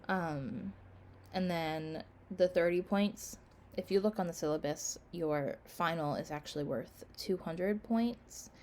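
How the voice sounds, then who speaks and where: A fairly low-pitched, slightly mellow woman's voice belongs to a college instructor giving casual class announcements. She's tired, yawning, and packs her talk with "um" and "like," with a bit of hiss or hum in the audio.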